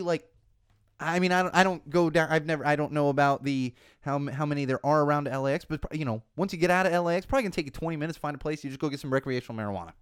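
Podcast host, man, chatty sarcastic ranter, smooth clear voice. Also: on the high side, rapid-fire, no echo, clean studio sound. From California. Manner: animated, sarcastic, rambling with many asides. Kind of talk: casual podcast rant.

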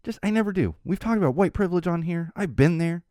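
A man's voice: high-pitched, animated, quick pace, mellow, no room sound, studio quality. A man hosting a podcast, ranting sarcastically in a casual opinion monologue, with restarts and laughs. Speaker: podcast host.

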